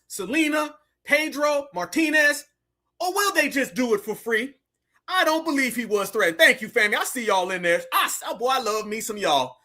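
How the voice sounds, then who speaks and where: A man's voice: very high voice, bright, forceful tone. A man hosting heated social commentary, fiery and preachy with lots of slang. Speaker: commentator host.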